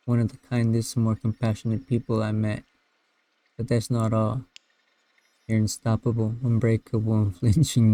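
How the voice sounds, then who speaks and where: A man reading out a chat log as an earnest young suitor confessing his feelings, in a plain, unhurried voice. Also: on the low side, mellow.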